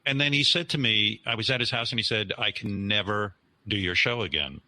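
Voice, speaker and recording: A man's voice: fairly low pitch, brisk, sharp tone, no room sound. A man doing an impression of a famous radio host, telling stories in a whiny, self-absorbed way.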